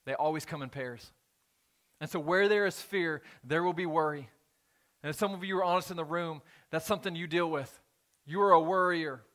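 Male pastor, slightly high voice, sermon delivery in a church, hushed scripture reading rising to emphatic appeals. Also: normal speed. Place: church sanctuary.

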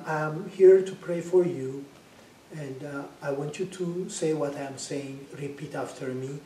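Man, Amharic speaker, testimony preacher, hesitant fillers, mellow higher voice, echoey room far from the mic. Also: a little hiss or hum. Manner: hesitant with frequent 'uh' fillers, rising to loud fervent praise. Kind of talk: spoken testimony, sermon-like storytelling.

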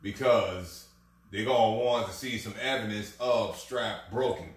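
A man with a lowish voice tells a winding story. He keeps restarting his sentences. He sits back from the mic, and the room echoes heavily around him. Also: unhurried, far from the mic. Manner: rambling anecdotal delivery with restarts. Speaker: podcast host. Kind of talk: casual storytelling chat.

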